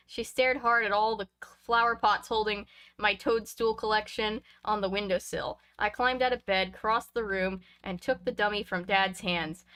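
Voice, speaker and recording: A woman reading a book aloud, her tone bright and forward. She drops chatty, laughing asides between the passages. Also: mid-range voice, steady tone, moderate pace, clear, resonant tone. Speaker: reader of a book.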